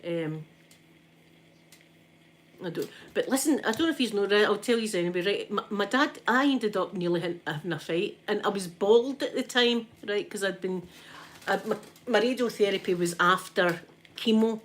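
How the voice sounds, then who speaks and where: A woman's voice: mid-range voice, normal speed, a little hiss or hum. Chatty Scottish woman telling stories. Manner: chatty, rambling, with frequent restarts. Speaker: ASMR streamer. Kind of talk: casual storytelling chat.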